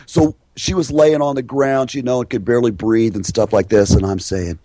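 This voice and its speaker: A middle-aged man, a hypnosis trainer and guest, telling stories in an animated way and acting out the voices of the people in them. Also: mid-range voice, normal speed, few pauses, dry recording. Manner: lively, acts out the voices of people in his stories. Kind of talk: animated storytelling in a podcast interview.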